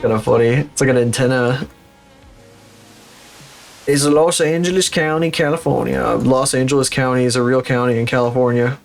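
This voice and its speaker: A man's voice: mid-range voice, fairly even intonation, normal speed, creaky, faint music behind. Rambling, foul-mouthed male streamer. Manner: rambling, swears freely, laughs at his own stories. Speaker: livestreamer. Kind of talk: casual livestream chatter.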